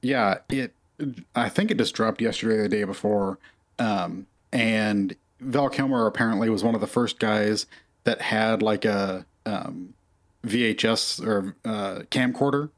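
Male co-host, lowish voice, rambling, lots of ums, casual chat. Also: measured pace. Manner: rambling, filler-heavy. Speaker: podcast co-host.

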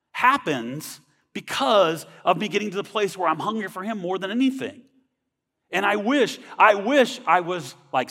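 A man's voice: sits high, sharp tone, big-room sound. A man giving a personal faith testimony in a church, talking earnestly and conversationally and often checking in with "right?". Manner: earnest, conversational, frequent tag questions. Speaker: speaker sharing a testimony.

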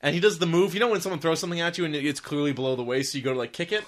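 A man's voice: on the high side, racing. A man chatting casually, rambling and swearing as he tells a story. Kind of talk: casual chat.

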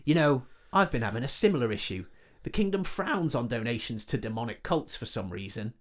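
A man voicing a foul-mouthed male demon cult leader who talks in a rough, swaggering way. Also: mid-range voice, lively intonation, a little fast, lightly acted. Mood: scheming.

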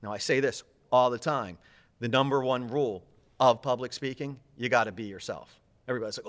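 An energetic man speaking quickly in an interview, lively and animated as he repeats himself and piles on examples. His voice sits in a middle pitch range. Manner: enthusiastic, fast, animated, repeats words. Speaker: public speaking coach.

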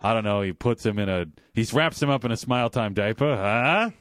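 A man's voice: on the low side, a little fast, fairly bright tone, dry recording, studio quality, close to an everyday voice. A man playing a rambling, sleazy Hollywood producer. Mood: pitching. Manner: rambling, defensive, full of restarts and "listen". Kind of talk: improvised comedy pitch.

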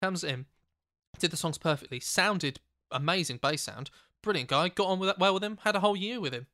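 A man spins a rambling, sweary anecdote on a podcast. His voice is bright and forceful and sits a little high, recorded dry and close in a studio. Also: a little fast, no room sound. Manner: animated, sweary anecdote telling. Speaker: podcast co-host. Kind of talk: casual storytelling chat.

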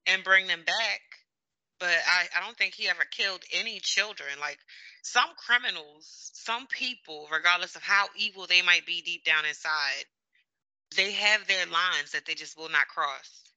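A man's voice: sits high, normal speed, sharp tone, clear, resonant tone, dry recording, poor audio. A man in a casual review chat, reflecting thoughtfully on a show's characters. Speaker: show reviewer.

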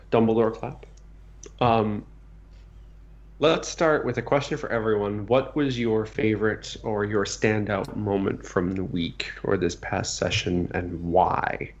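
A man hosting a casual podcast about a tabletop game, putting questions to each player in turn. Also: fairly low pitch. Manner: relaxed, leads the questions. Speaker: podcast host. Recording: dull lo-fi sound.

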